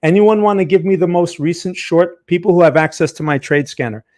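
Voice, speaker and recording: New Jersey-accented man, fairly high voice, chatty live-stream trading teacher. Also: a little fast, a little mellow. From Northern New Jersey, USA. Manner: chatty, talks to chat viewers. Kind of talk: live-stream market lesson.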